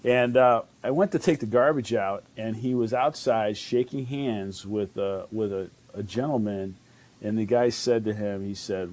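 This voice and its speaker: A man's voice: fairly low pitch, unhurried, a little mellow. A man, a chef telling stories in an interview, rambling with fillers and restarts. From Chicago. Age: 50s. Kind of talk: casual interview storytelling.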